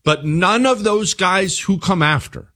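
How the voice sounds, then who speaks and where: A man's voice: high-pitched, lively intonation, unhurried, pushed and bright. A man hosting his own radio show, talking straight to listeners in an emphatic monologue that leans on repeated phrases.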